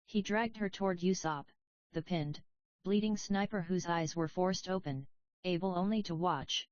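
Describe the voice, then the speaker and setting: A woman narrating a story audiobook in an even, measured reading voice. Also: on the low side, dry recording. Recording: dry, slightly dull audio.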